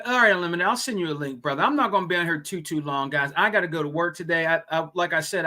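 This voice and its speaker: A man's voice: on the high side, sharp tone. A man hosting a casual live stream, ranting and swearing, with lots of "you know what I mean.". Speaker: podcast host.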